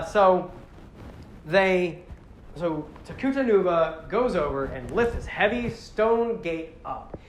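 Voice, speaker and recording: A man casually retelling a story with excitement, acting out the characters in exaggerated voices. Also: high voice. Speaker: podcast host recapping a franchise. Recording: echoey room with faint background noise.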